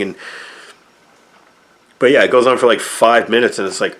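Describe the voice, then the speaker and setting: A man's voice: medium pitch, lively intonation, normal speed, gravelly, pauses often. A man giving a rambling, sarcastic review of an old movie, often exasperated and full of fillers.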